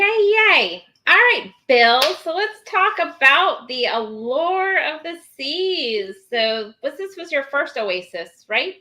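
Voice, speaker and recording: A woman's voice: medium pitch, sharp tone, low-quality recording. A woman hosting a casual live stream, chatting and reading viewer comments aloud with many ums.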